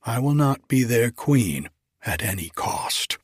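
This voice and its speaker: Brief: man playing a stubborn giant maiden, whispered role-play, husky and slow. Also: mid-range voice, big pitch swings, dry recording, studio quality, full character voice. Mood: defiant. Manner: defiant, hushed. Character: obstinate young giantess maiden.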